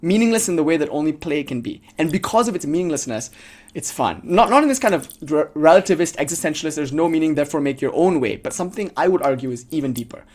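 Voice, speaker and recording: A man's voice: a little high, very animated, fast talker. A man giving a casual spiritual lecture full of storytelling, rambling and filling his sentences with "like.". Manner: rambling, heavy use of "like", laughs.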